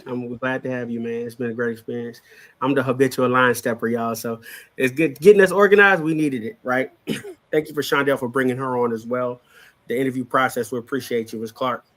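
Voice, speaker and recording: A man co-hosting a casual podcast chat, joking around and dropping quick asides. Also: mid-range voice, fairly even intonation, fairly bright tone. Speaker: co-host.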